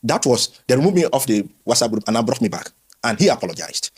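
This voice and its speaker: A man, a former pastor, telling his story candidly in an interview with lively quoted voices. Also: mid-range voice, fast, husky. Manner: animated storytelling, acts out quoted voices, frequent restarts.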